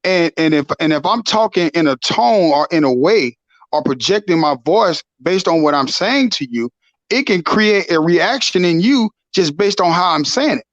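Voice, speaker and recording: A man in a casual podcast conversation, calmly explaining and affirming others. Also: high-pitched, normal speed, dry recording, lo-fi sound. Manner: calm, explanatory, affirming with "right" and "real".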